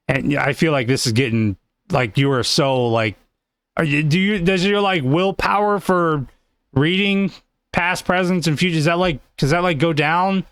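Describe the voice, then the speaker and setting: A man's voice: fairly high pitch, moderate pace, fairly bright tone, clear, resonant tone, no room sound. A young man hosting a comedic talk show, rambling and cutting in with lots of fillers. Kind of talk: casual comedic chat.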